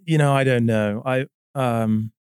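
A man with a British accent, a business guest telling stories in a relaxed interview, thoughtful and full of small pauses. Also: medium pitch, clean tone, no echo, studio quality. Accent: British English. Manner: measured, reflective storytelling with many fillers. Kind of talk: casual interview chat.

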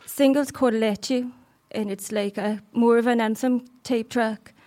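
A woman's voice: a little high, fairly even intonation, dark tone, lightly acted. A woman in her thirties with a Geordie accent, putting on a pop star persona and giving coy, evasive answers full of "like". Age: 30s. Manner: coy, drawn-out answers with many "like"s.

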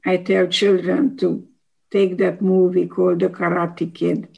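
A woman in her nineties, a psychologist giving advice in an interview, slow and earnest, often acting out quoted dialogue. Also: on the low side, flat delivery, gravelly, breathy edge, phone-quality sound. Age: 90s. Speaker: psychologist guest. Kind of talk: interview answers.

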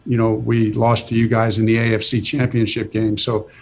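A middle-aged football coach being interviewed, talking earnestly and stopping often to restart his sentences. His voice runs a little low. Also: flat delivery, darkish tone. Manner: earnest, halting, full of restarts. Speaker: football head coach, guest. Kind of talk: casual interview.

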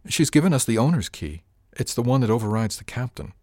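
A man voicing an older ship captain with a dry, measured and wry manner, in an audiobook. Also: mid-range voice, expressive, warm tone, no echo, voice pushed up, natural voice. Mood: calm.

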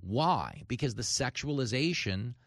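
A man hosting a comedic political talk radio show, talking in an animated way and acting out voices in quotes. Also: mid-range voice, measured pace, gravelly, dry recording, clean studio sound. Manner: animated, acts out voices in quotes, rising to shouts.

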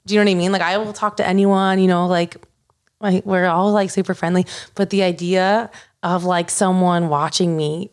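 A woman's voice: fairly low pitch, moderate pace, clean tone. A young adult woman co-hosting a podcast, telling stories in casual chat and acting out what others said. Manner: animated storytelling, acts out quoted voices. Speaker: podcast co-host.

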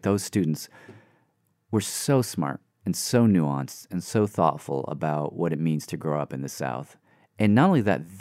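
A man's voice: low voice, darkish tone, no room sound, clean studio sound. A man from Nashville talking as an interview guest, earnest and musing, with lots of fillers. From Nashville, Tennessee, US. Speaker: interview guest, series creator. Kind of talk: reflective conversational interview.

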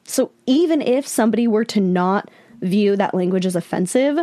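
Woman, podcast host, candid, exasperated, casual commentary, mid pitch, dry recording. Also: expressive, moderate pace, mellow, no echo. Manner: candid, exasperated, addresses listeners as "you guys".

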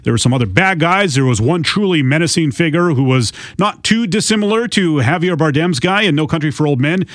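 A man's voice: fairly high pitch, lively intonation, a little fast, few pauses, fairly bright tone, dry recording, studio quality. A man co-hosting a podcast who reviews a TV season with enthusiasm, in a casual chat. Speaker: podcast co-host.

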